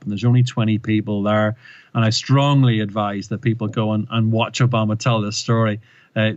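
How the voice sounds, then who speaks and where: A man's voice: mid-range voice, no echo, highs cut off. A man who is a presentation coach, a guest on a podcast, telling a story emphatically and often restarting and repeating words. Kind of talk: animated interview storytelling.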